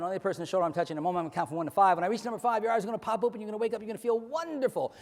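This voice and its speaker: A man hypnotizing volunteers on stage, rattling off rapid, repetitive suggestions. His voice sits fairly high and the pace is very quick. It rings out through a large hall with a lingering echo. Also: a little hiss or hum. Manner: commanding, playful with volunteers. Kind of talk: live hypnosis stage show. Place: large hall before an audience. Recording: echoey hall, live stage.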